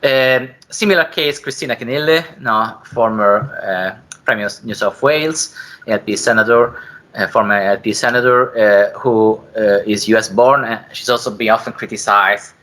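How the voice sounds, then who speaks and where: Hesitant, bright-voiced male academic speaker. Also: fairly low pitch, moderate pace, poor audio. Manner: hesitant, frequent fillers and self-corrections. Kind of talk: academic seminar presentation.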